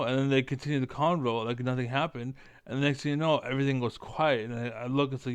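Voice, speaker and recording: A man giving a rambling, profane political monologue, often losing his train of thought and doing mocking squeaky impressions. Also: fairly even intonation, fast, hardly any pauses, clear, resonant tone, dry recording.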